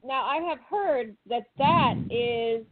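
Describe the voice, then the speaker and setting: A woman hosting a talk show in casual chat, telling stories with animated acted-out reactions. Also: a little high, takes it slowly, no echo. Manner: animated storyteller, acts out her own panicked thoughts. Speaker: podcast host. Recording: dry phone-like line.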